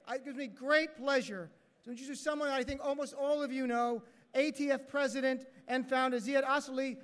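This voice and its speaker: A male emcee works the room with a stand-up routine, jumping into little character voices. His voice sits very high for a man. The sound rings with the long echo of a big hotel ballroom. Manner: joking, animated, acts out characters. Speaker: master of ceremonies. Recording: echoey hall.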